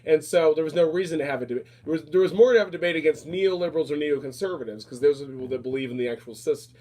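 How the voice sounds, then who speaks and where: A man's voice: a little high, rapid-fire, mellow. A man chatting casually and flamboyantly, repeating himself and calling people darling. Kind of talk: casual chat.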